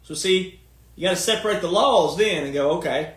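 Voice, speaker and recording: In an echoey room, a man with a high, fairly bright voice talks fairly quickly. A commentator and speaker, he delivers a long, casual, folksy monologue with emphasis, firing off rhetorical questions.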